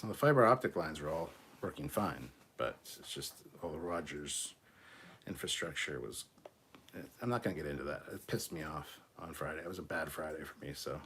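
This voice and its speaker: A man's voice: low-pitched, slight background noise. A man hosting a casual livestream, reading viewer comments and answering them in a blunt, profane, argumentative way.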